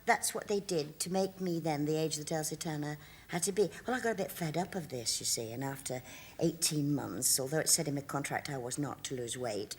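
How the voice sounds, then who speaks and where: A TV studio guest in her sixties keeps the conversation casual, recounting stories and laughing frequently. She has a deep, slightly rough voice and a brisk delivery.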